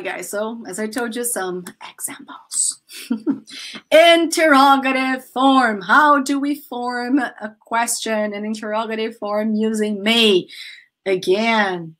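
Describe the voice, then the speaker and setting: A Brazilian-accented woman teaches English grammar, native Portuguese coloring her vowels. Her voice sits fairly high and she takes her time, laughing easily as she has the class repeat after her. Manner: lively, laughs often, drills students with repeat-after-me sentences. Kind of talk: online grammar lesson.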